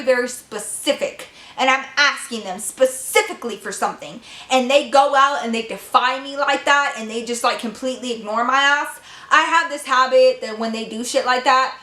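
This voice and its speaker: A woman in her twenties telling a storytime vlog, profane and animated, talking straight to her viewers. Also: fairly high pitch. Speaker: vlogger. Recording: echoey room.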